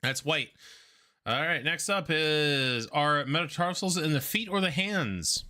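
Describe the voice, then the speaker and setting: A man co-hosts a streamed trivia night, reading out questions in a laid-back way with joking asides. His voice sounds bright and crisp at an ordinary pitch. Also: unhurried. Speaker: trivia co-host. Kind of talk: casual live-stream trivia hosting.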